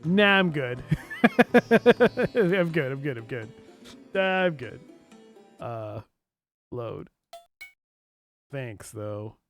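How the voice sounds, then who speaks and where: Drowsy guy streaming an old game, keeps yawning, mid-pitched voice, faint game music in the back. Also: lively intonation, extremely slow, long pauses, fairly bright tone. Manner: drowsy, yawning, chatty asides. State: tired. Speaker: streamer playing a retro game. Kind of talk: casual let's play commentary.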